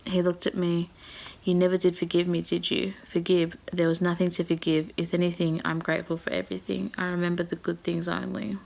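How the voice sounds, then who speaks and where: A woman's voice: fairly low pitch, level tone, fairly quick, gravelly, hardly any pauses, a little mellow. A woman book vlogger reading a novel aloud and giving her emotional reactions, sighing and dropping to a half-whisper at times.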